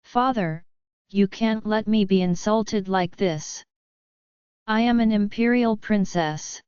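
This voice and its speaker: A woman's voice: mid-range voice, slow, a little mellow, clean tone, no room sound, muffled recording, close to an everyday voice. A woman voicing a spoiled, demanding young princess who whines and pleads. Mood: pleading.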